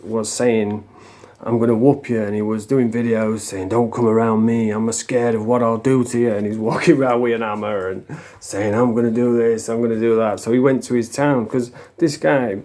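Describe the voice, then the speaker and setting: A man recounting a story in a loose, rambling way, full of slang and quick chuckles. His voice is soft and mellow, sitting at an everyday pitch. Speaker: online commentator. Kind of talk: casual storytelling.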